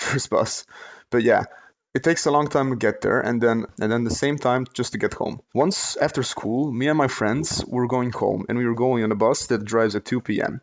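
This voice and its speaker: A young man, telling a story in a casual, rambling way with many fillers and restarts. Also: mid-range voice. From Slovenia. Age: late teens. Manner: rambling, lots of fillers and self-corrections, laughs while telling. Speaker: vlogger, storyteller.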